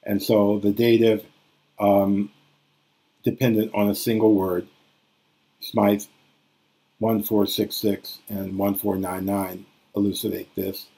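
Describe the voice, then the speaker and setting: Man, classics lecturer, unhurried delivery, mellow tone, pauses and restarts while explaining. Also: fairly low pitch, flat delivery, gravelly, breathy edge, low-quality recording. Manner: deliberate, thinking aloud, with hesitations and restarts; reads quoted passages aloud slowly and carefully. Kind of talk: recorded grammar lecture.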